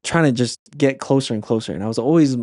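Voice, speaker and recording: A man's voice: mid-range voice, quick pace, darkish tone, no room sound, clean studio sound. Earnest man telling a story. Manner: earnest, with many restarts and fillers. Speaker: podcast guest, youth camp leader. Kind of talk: personal storytelling in conversation.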